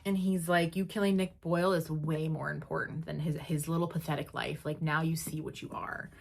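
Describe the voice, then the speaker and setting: Woman, podcast host, low voice, chatty recap, lots of "like", paraphrased quotes. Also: little pitch movement, gravelly. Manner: chatty, heavy use of "like", quotes characters in quick paraphrase. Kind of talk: casual episode recap.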